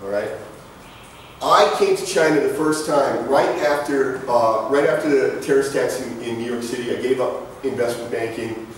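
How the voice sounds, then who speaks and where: A man's voice: mid-range voice, moderate pace, slight background noise. A man in his forties giving a conversational talk to students, telling stories with jokes and asides. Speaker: guest lecturer. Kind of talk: presentation to students. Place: large lecture hall. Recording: echoey hall from far off.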